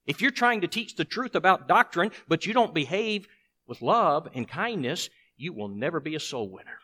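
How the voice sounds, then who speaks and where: A man's voice: fairly high pitch, lively intonation, moderate pace, sharp tone, husky. A man preaching a sermon with emphasis, putting rhetorical questions to his congregation.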